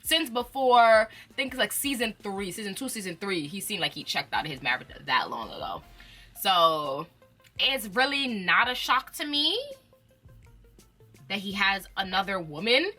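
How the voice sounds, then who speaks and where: A woman's voice: medium pitch, moderate pace, faint music behind. A young woman, chatting casually about reality TV with lots of slang and laughter. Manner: animated, chatty, uses slang and laughs often. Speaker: reality TV commentator. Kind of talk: casual chat.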